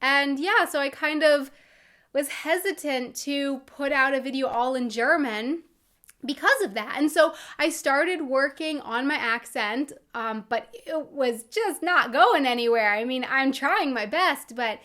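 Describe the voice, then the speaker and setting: A high-pitched American woman chatting casually to her camera. She speaks candidly and with self-deprecation, sometimes restarting her sentences. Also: unhurried, sharp tone. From United States. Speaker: vlogger.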